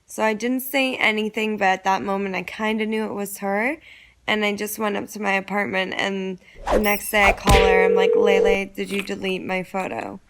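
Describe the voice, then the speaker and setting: Over loud background music, a young woman shares a personal story in a mid-range voice at normal speed. Her telling is chatty and casual, packed with "like" and lively quotes of what others said.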